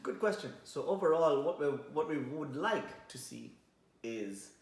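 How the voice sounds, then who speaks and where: A man co-hosting a casual podcast as the show's DJ, speaking slowly with many pauses and fillers. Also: fairly high pitch, animated, gravelly. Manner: slow, hesitant, many fillers. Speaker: podcast co-host and DJ. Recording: echoey room.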